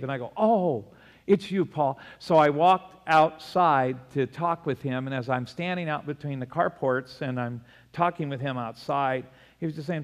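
A man, a pastor preaching a sermon, animated, often laughing, his voice jumping up in pitch for emphasis. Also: moderate pace. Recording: long hall reverb.

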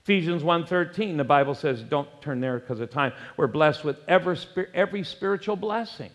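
A man preaching a sermon as pastor, emphatic, with wide swings between loud, raised phrases and low, quiet ones. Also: animated, a little fast. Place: church sanctuary. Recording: long hall reverb.

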